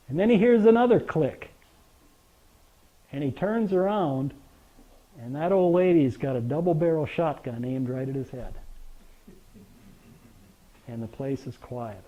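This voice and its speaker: Older guy presenting to a room, high voice but mellow, folksy jokey storyteller, kinda muffled lo-fi audio. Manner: folksy storyteller, jokes with the audience, asks rhetorical questions. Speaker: grain marketing presenter. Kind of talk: presentation to a live audience. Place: meeting room with an audience. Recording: dull lo-fi recording.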